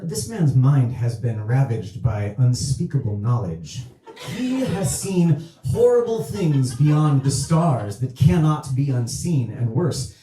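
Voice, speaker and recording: A man voicing a calm, earnest cultist who explains his friend's madness in a grimly formal way. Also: medium pitch, lightly acted. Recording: echoey theatre room.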